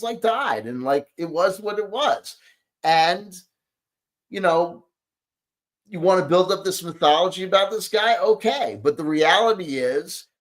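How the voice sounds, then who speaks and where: A man ranting in reaction to a video, sarcastic and exasperated, rambling with lots of fillers. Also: high-pitched. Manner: exasperated, sarcastic, talks back at the clip. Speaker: commentary host reacting to a clip.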